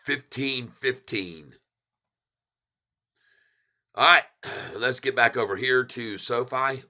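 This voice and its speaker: Bright-voiced excited stock chart commentator. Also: male voice, medium pitch, slow. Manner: excited, folksy, repeats himself for emphasis.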